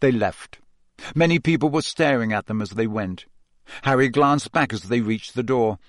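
A man narrating a storybook in an expressive, dramatic reading style. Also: medium pitch, normal speed, no room sound, studio quality. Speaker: audiobook reader.

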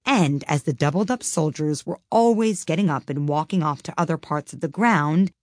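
Low-voiced woman reading a storybook aloud. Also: no echo, studio quality. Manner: expressive, lively reading.

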